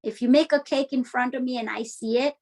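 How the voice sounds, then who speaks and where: A woman's voice: high-pitched, steady tone, a little fast, darkish tone, poor audio. A woman in her thirties from Nepal, whose first language is Nepali, telling her story as an interview guest in a chatty way, laughing often and acting out quotes. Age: 30s. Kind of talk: casual conversational storytelling.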